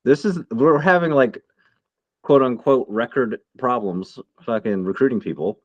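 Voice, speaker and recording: A man's voice: medium pitch, unhurried, no room sound, dull audio. A man in his thirties co-hosting a casual podcast chat, heated and swearing a lot. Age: 30s. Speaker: podcast co-host.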